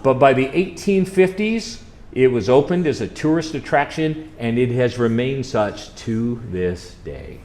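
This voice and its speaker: A man's voice: mid-range voice, lively intonation, measured pace, darkish tone. A man, a college chaplain, telling stories over slides and quizzing a live audience in a chatty way. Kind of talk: slide-show trip presentation.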